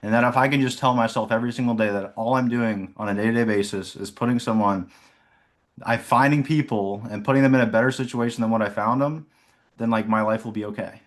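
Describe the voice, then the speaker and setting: A man's voice: mid-range voice, steady tone, fast. A young man, an insurance sales agent, talking casually on a video call about his mindset, rambling with frequent fillers and laughs. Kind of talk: casual reflective talk.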